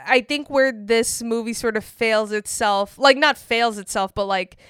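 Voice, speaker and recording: A woman co-hosting a casual movie podcast, easygoing and quick to laugh. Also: fairly high pitch, fairly bright tone, clean tone, no room sound, studio quality. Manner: easygoing, laughs often, uses fillers. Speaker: podcast co-host. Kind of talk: casual chat.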